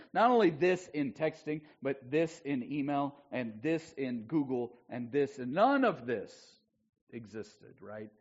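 Pastor, man, high-ish voice, loud then quiet, dull church tape. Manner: conversational preaching with big swings between loud and hushed. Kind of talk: sermon.

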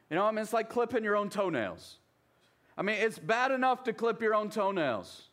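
A man from the American South delivers a sermon with a fairly high voice. He speaks conversationally and keeps checking in with the congregation as he goes. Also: sing-song, moderate pace, a bit bright. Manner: conversational, often checks in with the listeners. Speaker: pastor.

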